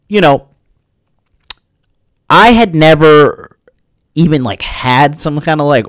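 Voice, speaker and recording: A man's voice: on the high side, dry recording. A young man in his twenties ranting casually to his viewers, rambling with many restarts and swearing often. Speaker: vlogger. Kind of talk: casual profane rant to viewers.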